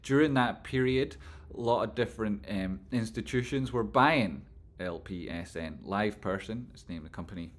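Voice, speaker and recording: A man's voice: on the low side, moderate pace. A man hosting a casual livestream, rambling and swearing freely as he answers viewers' chat. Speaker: livestream host reading chat.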